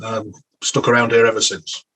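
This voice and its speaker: An English sports journalist, a guest in a casual interview, speaks hesitantly, restarting often and repeating words. His voice is fairly low and a bit bright, with flat delivery at a moderate pace, and the audio is poor.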